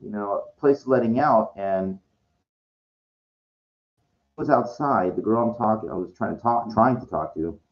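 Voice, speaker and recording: Lowish guy ranting on his vlog, keeps restarting, muffled lo-fi sound. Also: measured pace, long pauses. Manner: rambling, repetitive, frustrated, many restarts. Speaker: vlogger. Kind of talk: rambling monologue vlog.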